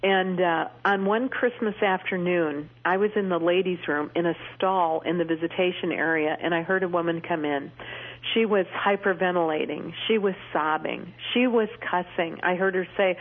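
A woman's voice: on the low side, fairly even intonation, normal speed. A middle-aged woman, a Christian speaker, telling earnest personal stories with touches of humor as a radio interview guest. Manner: earnest, storytelling, warm humor. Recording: tinny phone line on radio.

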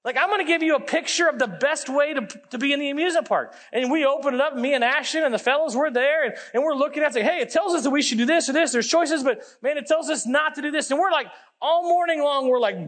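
A male pastor preaching a sermon, telling a story with lively acted-out dialogue and dropping low for emphasis. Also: quick pace, hardly any pauses. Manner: animated, acts out dialogue, drops low for emphasis.

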